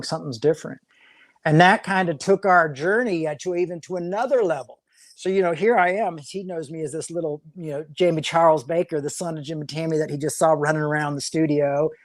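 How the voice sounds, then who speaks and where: Pastor guy rambling thru a story, lots of restarts, kinda high voice, dry close sound. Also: dry recording. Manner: rambling, many restarts and repeated words. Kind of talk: casual interview storytelling.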